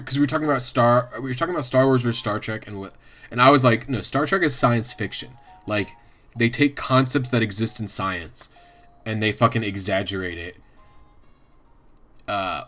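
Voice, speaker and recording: A man's voice: mid-range voice, fairly bright tone. A man streaming, chatting casually and ramblingly, swearing a lot and often laughing. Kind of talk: casual livestream chat.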